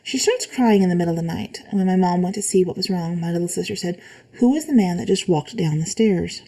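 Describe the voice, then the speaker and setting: A woman reading spooky stories aloud in a calm, even way, adding short comments of her own. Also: fairly low pitch, fast, low-quality recording. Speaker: reader of online stories.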